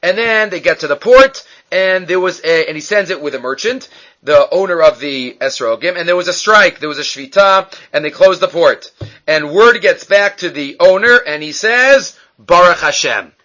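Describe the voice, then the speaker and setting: A man's voice: high voice, lively intonation, moderate pace, sharp tone. A man teaching a Talmud class, asking and answering his own questions as he explains.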